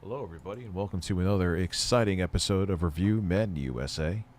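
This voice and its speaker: A middle-aged man hosting a livestream in casual chat, loose and profane, laughing often and jumping into excited bursts. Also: deep voice, quick pace, a little hiss or hum. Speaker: livestream host.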